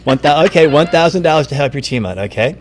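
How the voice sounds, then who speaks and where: Lively, storytelling male teacher in his fifties. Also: fairly high pitch, fast, a little hiss or hum. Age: 50s. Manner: animated storyteller who acts out his students. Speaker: podcast host and middle school teacher. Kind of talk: casual podcast chat.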